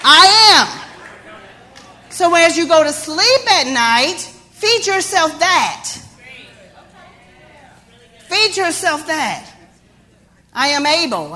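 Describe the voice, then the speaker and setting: A woman's voice: mid-range voice, pushed and bright. A woman life coach giving an emphatic, playful motivational talk, repeating phrases for effect.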